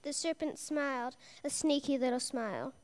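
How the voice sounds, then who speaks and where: High-voiced woman reading a Bible story. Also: normal speed. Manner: lively storyteller doing character voices.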